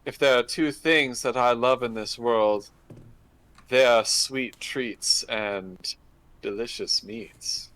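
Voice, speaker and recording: A man's voice: medium pitch, slow pace, fairly bright tone, poor audio. A man voicing a fun-loving, indulgent adventurer in a tabletop game, theatrical and drawling.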